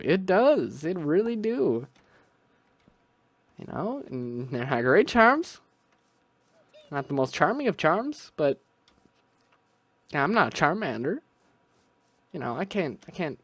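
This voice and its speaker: A young man narrates his own gameplay in a loose, rambling way, thinking aloud and restarting his sentences often. His voice rises and falls with a lot of melody, and he talks at an unhurried, slow pace. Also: fairly high pitch, very animated, fairly bright tone, dry recording. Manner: rambling, self-talking, musing aloud with restarts. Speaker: gaming video creator. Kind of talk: casual gameplay commentary.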